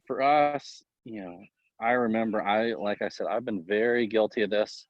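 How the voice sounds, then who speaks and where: A man who is a baseball coach, talking casually in an interview and giving tips in a rambling, animated way full of fillers. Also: on the low side, moderate pace, dry recording. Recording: dull, lo-fi, dry sound.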